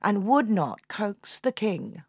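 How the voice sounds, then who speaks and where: A woman hosting a storytelling podcast, telling a folk tale to children in an expressive, inviting way. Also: medium pitch, slow pace, breathy edge, no room sound, studio quality. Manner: expressive, inviting the listener to join in.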